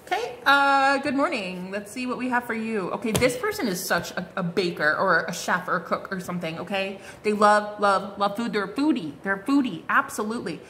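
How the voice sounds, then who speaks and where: At a medium pitch and a slightly quick clip, a woman gives a casual tarot reading with lively intonation and almost no pauses. Her tone is sharp, and she's chatty and bubbly, packing in fillers, exclamations, and plenty of "like" and "oh my God." There's slight background noise.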